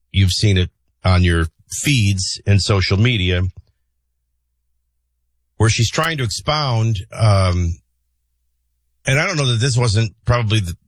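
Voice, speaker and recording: A man hosting a morning talk radio show, mixing news headlines with opinionated, conversational commentary and frequent filler pauses. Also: on the low side, no echo, clean studio sound. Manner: opinionated, conversational, sarcastic asides. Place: radio studio. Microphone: studio broadcast mic.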